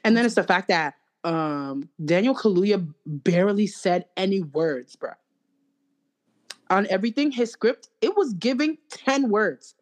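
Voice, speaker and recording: A woman's voice: medium pitch, lively intonation, a little slow. A young woman, chatting casually and ranting with mocking, profane humor and quoted asides. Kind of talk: casual chat.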